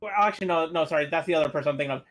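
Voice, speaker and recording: A man chatting as a player in a tabletop game, pausing often to search for words. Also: a little high, a bit bright.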